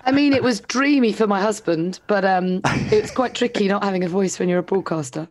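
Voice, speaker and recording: A woman, co-hosting a casual podcast chat, her voice hoarse and gravelly as it recovers, chatty and quick to laugh. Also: medium pitch, darkish tone. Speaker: podcast co-host and broadcaster.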